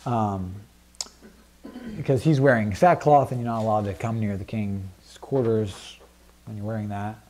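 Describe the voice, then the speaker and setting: A man's voice: lowish voice, unhurried, a little mellow. A man teaching a Bible study group in a casual, conversational way, with many fillers and frequent questions to the class.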